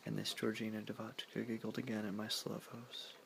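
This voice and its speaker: A man reading a novel chapter aloud as a whispered ASMR reading, in a soft, slow whisper. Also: lowish voice, monotone, gravelly, background noise. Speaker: reader.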